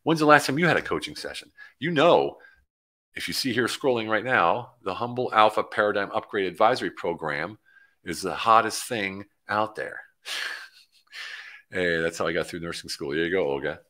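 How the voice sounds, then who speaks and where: A middle-aged man, a coach hosting a livestream, chatting casually and excitedly with viewers and rambling from topic to topic. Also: lowish voice, normal speed. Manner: excitable, rambling, hypes his program, jumps between topics. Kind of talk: casual livestream chat, reading out viewer comments.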